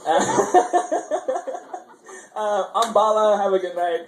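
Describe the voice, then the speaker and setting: Young man, fairly high voice, rambling open-mic comic who laughs at his own lines, recorded in an echoing small venue. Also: sing-song, very slow, background noise. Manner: rambling, self-correcting, chuckling at his own jokes. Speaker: stand-up comedian. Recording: roomy live venue sound.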